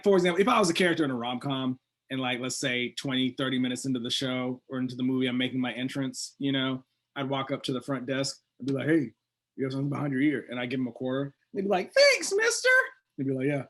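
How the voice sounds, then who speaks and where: A man co-hosting a casual comedy podcast, rambling and acting out silly scenes. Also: mid-range voice. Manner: rambling, puts on silly voices for jokes. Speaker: podcast co-host. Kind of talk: casual chat.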